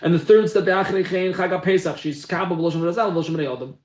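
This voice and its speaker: This text-based Torah class is taught by a man whose voice sits high and moves at a quick pace, with echo in the room. He keeps it conversational, reading out Hebrew phrases before explaining them in English.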